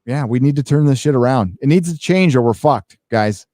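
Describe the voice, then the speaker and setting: A man hosting a loose live stream at a mid pitch, swearing freely and rambling between donation readouts. His voice sits close and dry, with no room sound around it. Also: brisk, dry recording. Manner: rambling, profane, excitable. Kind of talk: casual live-stream chat, reading donations.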